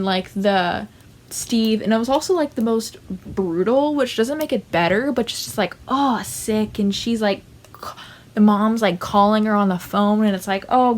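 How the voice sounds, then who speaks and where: Young female vlogger, casual and animated, rambling with fillers. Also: medium pitch. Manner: chatty, animated, lots of fillers and asides. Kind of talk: casual ranking vlog.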